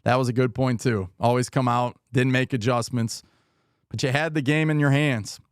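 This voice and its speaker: A man's voice: medium pitch, steady tone, normal speed, smooth, dry recording, studio quality. A man hosting a live football watch party stream, giving rambling, frustrated commentary on plays and reading viewer comments aloud. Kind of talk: live game commentary and chat.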